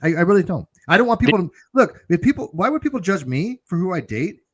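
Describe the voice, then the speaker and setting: A high, expressive male voice rattles through a loose, profane conversation as the show's host. His pitch swings widely. The sound is dry, with no room around it. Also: quick pace, slightly rough, dry recording. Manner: rambling, animated, profane. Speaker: show host. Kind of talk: casual chat.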